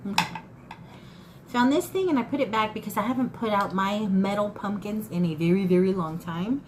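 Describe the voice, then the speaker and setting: A woman's voice: mid-range voice, normal speed, a little mellow, a little hiss or hum, rough recording. A woman in her fifties chatting casually to viewers about her thrift haul, folksy and talkative. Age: 50s. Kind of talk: casual haul chat to camera.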